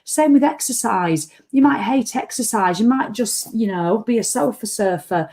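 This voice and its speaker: A woman's voice: on the high side, animated, moderate pace, a little mellow. A tired woman, ranting bluntly and swearing freely as she hosts a casual live-stream chat. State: tired after a run. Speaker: vlog host.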